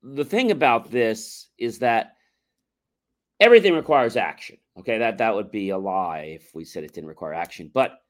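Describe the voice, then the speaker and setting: A man's voice: on the low side, lively intonation, normal speed. A man on a talk show explaining a mindset technique, coaching listeners and acting out repetitive self-talk.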